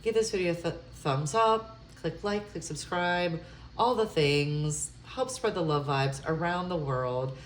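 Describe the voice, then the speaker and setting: A woman's voice: on the low side, measured pace, roomy sound, a little hiss or hum. A woman giving a tarot love reading, musing aloud with hesitant fillers and breaking into gushing, effusive exclamations. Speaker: tarot reader.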